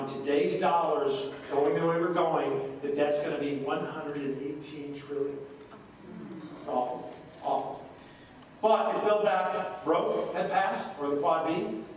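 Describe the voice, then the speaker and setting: A man's voice: a little high, slight background noise. A man giving a punchy, joking town hall speech as a congressman. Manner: punchy, joking, folksy delivery. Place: courthouse meeting room. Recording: echoey live room from far off.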